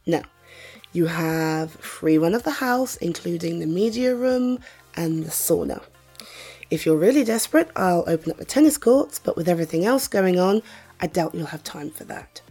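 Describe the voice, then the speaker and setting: A woman's voice: fairly low pitch, expressive, warm tone, slightly rough, faint music behind. A woman, acting a confident, wealthy mother who teases and flirts in a listener-directed audio role-play. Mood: playful, bossy. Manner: teasing, self-assured, slow and playful.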